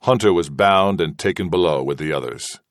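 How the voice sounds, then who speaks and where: A man reading an audiobook narration in a steady, measured way. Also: sits low, no echo, clean studio sound. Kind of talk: scripted narration.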